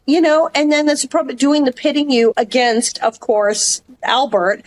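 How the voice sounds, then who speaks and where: A woman's voice: high voice, steady tone, moderate pace, low-quality recording. Laughing self-mocking woman co-host. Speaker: podcast co-host. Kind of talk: casual chat.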